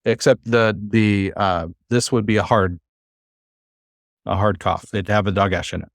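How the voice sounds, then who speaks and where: A man with a fairly low voice leads a Hebrew lesson over a video call. He is patient and encouraging and slows down to sound words out. The sound is dry and close. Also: fairly even intonation, no room sound. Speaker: Hebrew teacher. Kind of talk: online class teaching.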